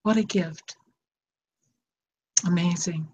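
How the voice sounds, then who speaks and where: A woman's voice: fairly low pitch, steady tone, slow pace, darkish tone. An older woman, a psychotherapist hosting a show, talking in an emotional, tender, rambling way. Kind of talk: casual heartfelt chat. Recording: dull lo-fi sound with faint noise.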